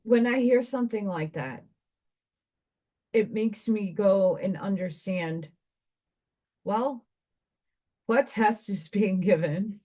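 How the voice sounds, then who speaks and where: A woman's voice: medium pitch, takes it slowly, long pauses, mellow. A woman with an ordinary mid-range voice talks to her viewers in a loose spiritual monologue. She meanders from point to point and thinks aloud. She drops casual asides along the way, like a card reader chatting with her regulars.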